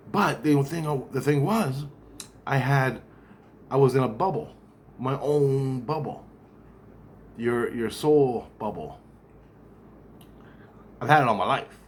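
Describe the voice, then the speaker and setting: A man's voice: mid-range voice, slight background noise. Man telling a rambling, profane story. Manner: rambling, profane, repeats himself. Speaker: vlogger. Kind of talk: rambling monologue.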